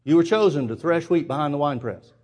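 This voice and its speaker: Emphatic male preacher, higher voice. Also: fast talker. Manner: emphatic, rhetorical questions, swings between loud and hushed. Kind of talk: sermon.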